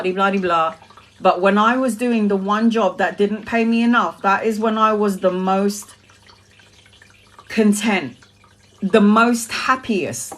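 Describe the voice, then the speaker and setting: Chatty woman tarot reader, frequent laughs. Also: medium pitch. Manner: chatty, laughs often, swears casually. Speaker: tarot reader on a live stream. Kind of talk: casual chat to live viewers.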